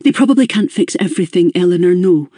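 A man's voice: high-pitched, lively intonation, fast talker, warm tone, breathy edge, no room sound, clean studio sound. A reader voicing a worried young man who talks bluntly, swears when upset and sounds strained. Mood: pleading. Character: worried blunt male friend, young adult.

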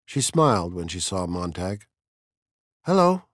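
Reading an audiobook, a lowish-voiced man keeps his storytelling steady and measured. The sound is studio quality, with no echo.

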